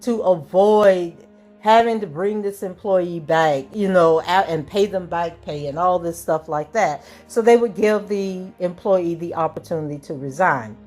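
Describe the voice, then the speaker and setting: Hoarse-voiced woman hosting a commentary vlog. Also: fairly low pitch, moderate pace, hardly any pauses, a little mellow, soft background music. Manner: conversational, chatty with fillers. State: hoarse from allergies. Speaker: channel host.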